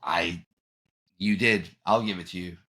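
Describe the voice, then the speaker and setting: A man's voice: low-pitched, steady tone, unhurried, pushed and bright. A man hosting a podcast in casual chat, rambling and often trailing off and restarting mid-thought. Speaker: podcast host.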